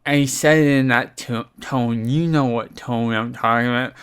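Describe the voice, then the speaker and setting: A young man telling a rambling, halting story about a bad experience in a casual vlog, mildly irritated and full of fillers. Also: mid-range voice, steady tone, fairly bright tone, clear, resonant tone. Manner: mildly irritated, recounting a complaint. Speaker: vlogger.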